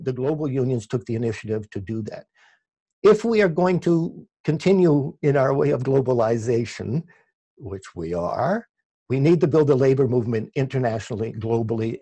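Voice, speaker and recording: Canadian man, mellow and thoughtful. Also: mid-range voice, husky, no echo. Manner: thoughtful, frequent restarts and self-corrections. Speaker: labour radio producer and podcast guest. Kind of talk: conversational interview answers.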